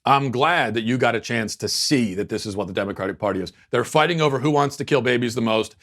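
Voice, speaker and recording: A man's voice: mid-range voice, fast talker, fairly bright tone. Sarcastic male political show host. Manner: sarcastic, mocking, with lots of restarts. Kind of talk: casual commentary.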